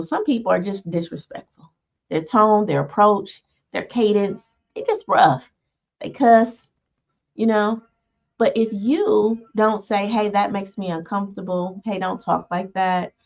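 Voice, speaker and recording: A woman's voice: fairly low pitch, vocal fry. A woman teaching a self-help lesson in a conversational way, often checking in with "right?" and acting out quoted exchanges. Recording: dull lo-fi sound.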